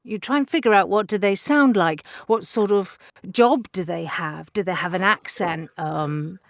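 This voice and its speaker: A woman, a voice actor chatting in an interview, filling pauses with ums and laughing easily. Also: medium pitch, dry recording, clean studio sound. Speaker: voice actor guest. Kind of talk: interview conversation.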